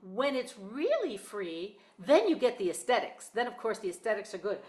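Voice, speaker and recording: A woman's voice: mid-range voice, big pitch swings, moderate pace, a little mellow. A woman teaching a one-on-one singing lesson, explaining exercises and demonstrating them in an encouraging way. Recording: echoey room with piano.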